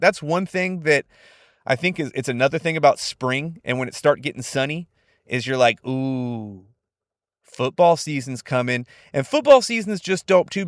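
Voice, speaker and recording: Brief: young man from California, slightly higher voice, dry close podcast sound, swears freely while chatting. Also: no echo. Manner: profane, laid-back and animated. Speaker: podcast host. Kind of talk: casual solo podcast monologue.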